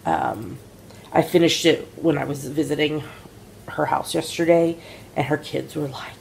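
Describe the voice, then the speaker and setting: Low gravelly woman chatting. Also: expressive, unhurried, darkish tone, a little hiss or hum. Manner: chatty, rambling storyteller with many fillers. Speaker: podcast co-host, mother. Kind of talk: casual chat about knitting.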